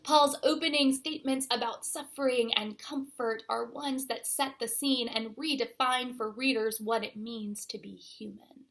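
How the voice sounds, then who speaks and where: A young adult woman pastor giving a sermon, speaking slowly and deliberately and letting her phrases fade to a near-whisper. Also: on the high side, steady tone, a bit bright. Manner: slow, deliberate delivery that trails off to a near-whisper at phrase ends.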